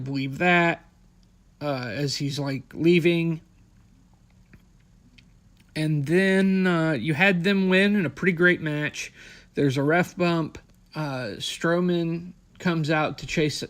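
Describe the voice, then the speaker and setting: A man's voice: fairly high pitch, a bit bright. Blunt, profane male podcast host. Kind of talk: casual wrestling recap.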